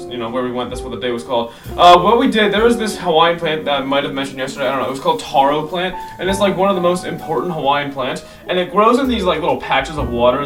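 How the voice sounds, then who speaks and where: A man's voice: fairly high pitch, recorded from a distance. A teenage boy recapping a trip in a casual vlog, rambling, correcting himself and gushing about what he saw. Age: teens. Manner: rambling, self-correcting, enthusiastic. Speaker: vlogger.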